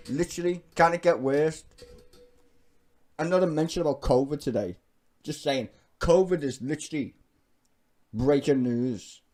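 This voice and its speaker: A man's voice: medium pitch, a little mellow. A British man giving profane, scornful reaction commentary on his own channel. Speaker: YouTube commentator.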